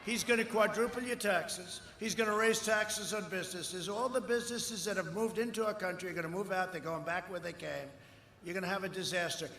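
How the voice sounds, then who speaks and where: An older man in his seventies giving a boastful, rambling campaign speech at a large outdoor rally, often shouting. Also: high-pitched. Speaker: political candidate at a rally. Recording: echoey live rally sound with long reverb.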